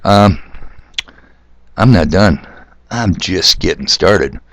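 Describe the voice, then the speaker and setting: Deep-voiced older man ranting sardonically. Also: expressive, slow, a bit bright, no room sound. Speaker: podcast host. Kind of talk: solo podcast monologue. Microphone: corded mic.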